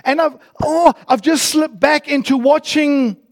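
A fretful, doubting churchgoer, as a man puts him on, hesitant and stammering. His voice sits very high, rising above the preacher's own. He frets in a sermon quote. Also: a little slow. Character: anxious, doubting male churchgoer.

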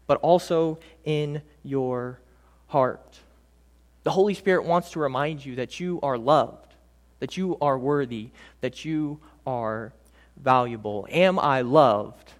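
A man preaching a sermon in a slightly higher voice, building to emphatic lines, then dropping to soft, drawn-out words. His delivery is dynamic and heartfelt. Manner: dynamic preaching, drops to soft near-whispers on key words; slows right down for emphasis. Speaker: pastor.

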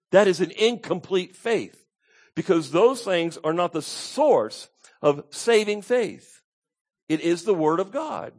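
A man's voice: high-pitched, lively intonation, a little slow, darkish tone. Emphatic pastor preaching, a man. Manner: emphatic, repeats key points, asks the congregation to answer. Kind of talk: sermon.

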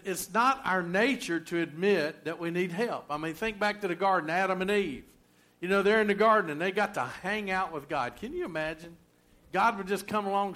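A man's voice: sits high, bright, forceful tone. A middle-aged man preaching a sermon in a folksy, conversational way, full of rhetorical questions. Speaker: pastor.

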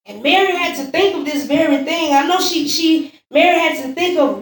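A woman's voice: high-pitched, normal speed, few pauses. A woman preaching a sermon, telling her own testimony and repeating phrases in a building call-and-response rhythm. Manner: testimony-driven, repetitive call-and-response cadence. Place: church sanctuary. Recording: echoey church room, far from mic.

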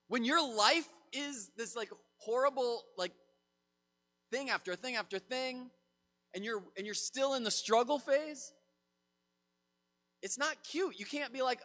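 Guy preaching in a church hall, high and lively, bright voice, long echo tail. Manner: animated, acts out quoted voices. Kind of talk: sermon.

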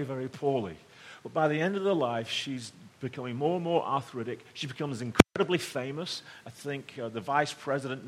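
Middle-aged male pastor, mid-pitched, chatty storytelling sermon that drops to a hush then rises to emphasis. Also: slight background noise. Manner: conversational, swings between loud emphasis and hushed tones.

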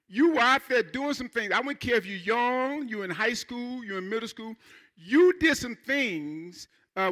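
Bright high-voiced male preacher. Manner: fervent preaching with call-and-response. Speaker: pastor. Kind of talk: sermon. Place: church.

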